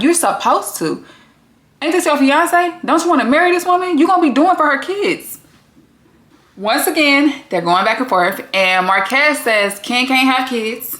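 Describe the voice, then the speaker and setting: A woman's voice: medium pitch, a bit bright, roomy sound. A woman giving a blunt, sassy, casual recap commentary and swearing freely. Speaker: recap vlogger.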